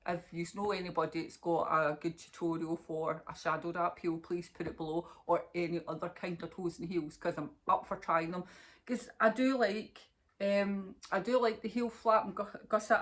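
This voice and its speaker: A woman's voice: fairly low pitch, fairly even intonation, normal speed. A Scottish woman hosting a knitting podcast, chatting casually to camera in a rambling way and laughing often.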